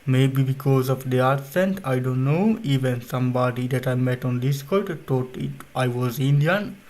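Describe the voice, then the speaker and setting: A man's voice: medium pitch, normal speed, darkish tone. A man from Italy with an Italian accent, speaking English as a second language in casual, rambling chat on his stream. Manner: rambling, unpolished non-native phrasing.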